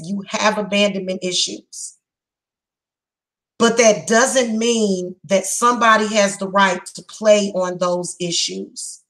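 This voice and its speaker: A woman giving a psychic reading, speaking bluntly and emphatically, heated and repetitive, slowing down to stress her words. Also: a little high, pushed and bright, low-quality recording. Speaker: psychic reader. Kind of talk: tarot reading monologue.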